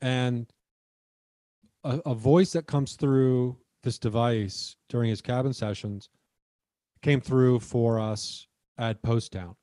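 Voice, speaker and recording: A man chats as a podcast host, easygoing and reflective, and laughs readily. His voice sits dark and mellow. The recording is dry, with no room sound. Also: mid-range voice, takes it slowly, dry recording. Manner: relaxed, thoughtful, laughs easily. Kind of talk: casual conversational chat.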